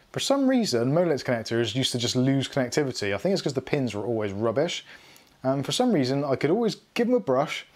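A middle-aged man hosting a live tech stream, rambling and self-mocking as he goes through his tools. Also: mid-range voice. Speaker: tech channel host. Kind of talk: casual live unboxing chat.

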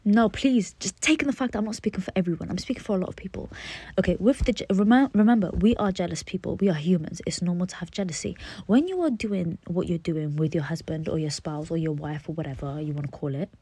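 Breathy low-voiced woman, half-whispering. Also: quick pace, mellow, no room sound. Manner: earnest, rambling, half-whispered. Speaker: social media creator. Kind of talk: late-night talk to camera.

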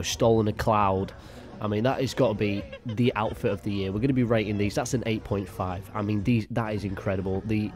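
A man giving crude, mocking reaction commentary with deadpan asides. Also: on the low side. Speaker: YouTube commentator.

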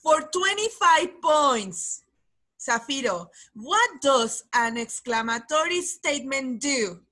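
A woman's voice: sits high, lively intonation, slow pace, bright, forceful tone. A woman teaching English to children over a video call, running a quiz and cheering pupils on by name. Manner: encouraging, calls on pupils by name. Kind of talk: online class quiz game.

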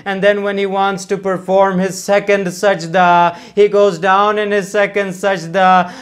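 A man recites a mourning elegy in a sermon, slow and high-pitched. His storytelling is mournful and dramatic, and his invocations are drawn out. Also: clean tone.

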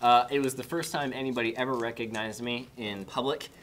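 A woman hosting a panel show, telling a story in casual chat with a dry, deadpan delivery. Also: a bass voice, fairly quick, slight background noise. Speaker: host.

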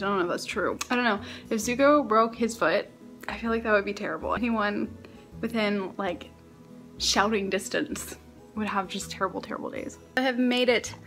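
A woman's voice: a little high, fairly bright tone. A young woman vlogging from her apartment, talking casually and rambling with self-mocking humor. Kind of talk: casual vlog chat.

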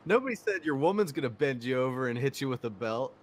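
A man's voice: medium pitch, expressive, fast talker, a little hiss or hum. A man teasing his teammates with crude jokes over voice chat, often laughing at his own lines. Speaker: teammate in an online racing session. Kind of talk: joking banter over voice chat.

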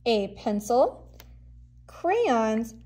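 A woman's voice: a little high, very animated, drawn-out words, mellow. A woman teaching a children's drawing lesson, giving encouraging step-by-step instructions. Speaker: art teacher.

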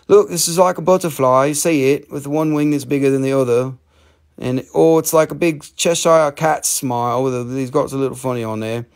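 Gravelly, joking man selling rocks live. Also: on the high side, quick pace. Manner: joking, rambling, swears casually. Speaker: rock and mineral seller on a live stream. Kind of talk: casual live sales chat.

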